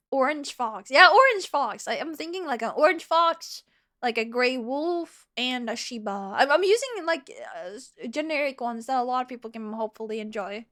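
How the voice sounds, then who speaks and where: Giggly high-voiced woman streamer. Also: expressive, normal speed, bright, forceful tone. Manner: giggly, rambling storyteller. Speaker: live streamer. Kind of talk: casual live-stream chat, reading chat.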